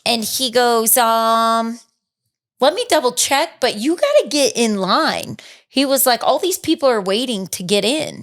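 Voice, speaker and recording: A fairly high-pitched woman with a Chicago-area American accent tells a story on a casual podcast. She jumps her voice up to act out each quote and laughs as she talks. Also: unhurried. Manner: animated, acts out quotes with big pitch jumps, laughs while telling. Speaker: podcast co-host.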